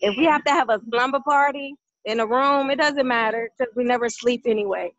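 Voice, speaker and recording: High-pitched woman with a gravelly edge, urging people on, dry muffled line. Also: fairly quick, a bit bright, dry recording. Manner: emphatic, urging. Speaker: team member on a conference call. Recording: dry, slightly muffled call audio.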